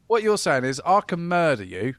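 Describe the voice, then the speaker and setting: A man's voice: a little high, very animated, normal speed, dry recording, clean studio sound. A man in casual chat, talking bluntly with crude jokes and sarcastic jabs. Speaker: podcast co-host.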